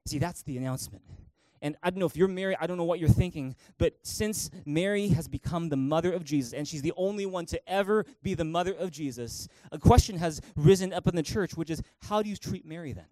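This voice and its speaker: A young man delivers a church sermon in a high, bright-toned voice. He is animated, acting out the people in his stories as he preaches. The sound is close and dry, with little room in it. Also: fast, few pauses, no room sound, rough recording. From Canada. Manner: animated, acts out quoted voices. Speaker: pastor.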